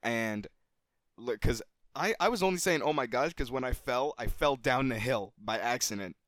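A man co-hosting a podcast, telling a childhood story in a casual, animated way and swearing freely. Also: moderate pace, dry recording, studio quality. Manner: animated, gets louder and higher at the story's climax. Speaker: podcast co-host.

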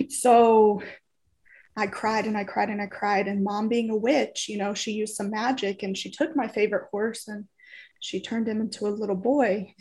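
A woman's voice: medium pitch, steady tone, moderate pace. A young woman co-hosting a casual podcast, telling a family story and often laughing through it. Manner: laughs through her story, drops to a soft aside for quotes. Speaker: podcast co-host.

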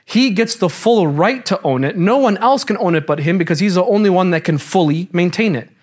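Young guy teaching a quran class, high voice, casual, keeps quizzing the room. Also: animated, a little fast. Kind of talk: classroom lecture.

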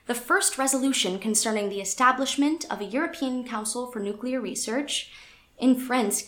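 In a roomy-sounding recording, a woman from the United States co-hosts a podcast, chatting casually with plenty of fillers and self-deprecating humor while reading website passages aloud. Her voice is a little high, bright, and forceful.

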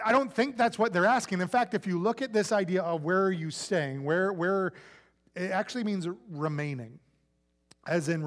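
Man, pastor, high voice, casual sermon, playful asides, acts out quotes. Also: long reverb tail.

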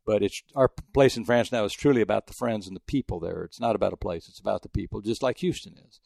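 Older man from Texas, ex-sportswriter; quick, gravelly, rambling storyteller, dry sound. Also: lowish voice, a little mellow, no room sound. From El Paso, Texas. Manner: fast, rambling anecdotes with many restarts. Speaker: retired sports journalist. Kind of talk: interview storytelling.

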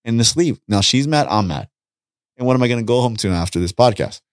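A man talking casually on a podcast, an animated storyteller who acts out conversations and repeats his points. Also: mid-range voice, fast, dry recording, studio quality. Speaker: podcast guest, street preacher. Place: podcast studio.

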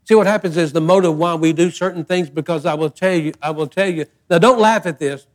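Older male pastor, high-pitched voice, folksy and emphatic sermon delivery. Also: a little fast. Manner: folksy, emphatic preaching with repeated phrases.

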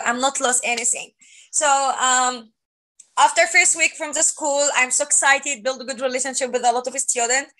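Earnest young woman, bright voice. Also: fairly high pitch, poor audio. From Egypt. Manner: earnest, halting non-native phrasing with many fillers. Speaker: guest sharing testimony. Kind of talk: personal faith testimony.

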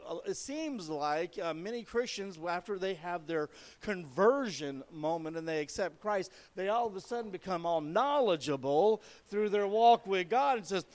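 A middle-aged man preaching a sermon in a folksy, emphatic way, often circling back to repeat a phrase. His voice sits fairly high for a man. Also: lively intonation, normal speed. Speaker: pastor.

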